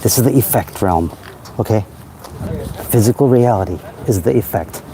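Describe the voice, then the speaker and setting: A man's voice: on the low side, moderate pace, background noise. A man talking in a rambling, self-help way on a casual livestream, outdoors at night by a parked car, into a phone.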